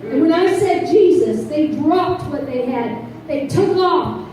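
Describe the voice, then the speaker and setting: High-voiced woman preaching in an echoey church. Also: slow pace, far from the mic, a little hiss or hum. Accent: Northeastern US. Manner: animated storytelling, acting out voices. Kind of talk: testimony sermon. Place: church sanctuary.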